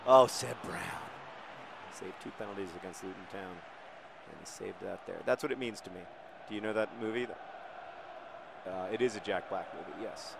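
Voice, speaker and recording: A man giving casual, rambling gameplay commentary with jokey deadpan asides. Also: deep voice, a little fast, creaky, noisy background. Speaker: video game commentator.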